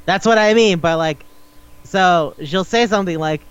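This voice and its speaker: A man's voice: sits high, moderate pace, a bit bright, clean tone, dull audio. A man hosting a podcast in casual chat, rambling through a recap, swearing often and laughing as he talks. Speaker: podcast host.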